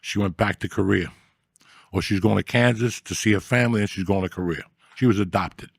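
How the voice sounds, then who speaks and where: A man with a low, gravelly voice tells crude, profane stories in a loose, chatty way, slipping into the voices of the people he quotes. The sound is close and dry. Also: brisk, no echo. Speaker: storyteller guest. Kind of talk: casual storytelling chat.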